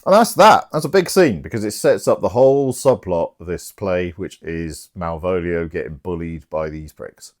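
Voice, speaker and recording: A man's voice: low voice, moderate pace, hardly any pauses. A young man casually and irreverently retelling a play's plot with plenty of swearing, while drinking. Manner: irreverent, swears freely, animated. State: drinking, slightly tipsy. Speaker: host.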